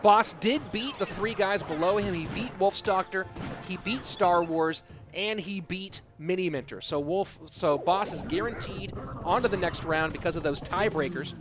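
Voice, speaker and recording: A man's voice: high-pitched, normal speed, music in the background. A young man casting a live esports match, joking around and answering viewer questions between plays. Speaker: esports caster. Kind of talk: live game commentary and reading chat.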